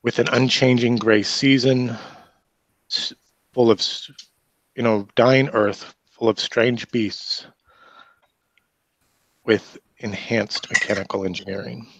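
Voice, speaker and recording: A man's voice: medium pitch, fairly even intonation, takes it slowly, long pauses, a bit bright, low-quality recording. A man running an online tabletop game as game master over a video call. He recaps in a loose way and corrects himself as he goes.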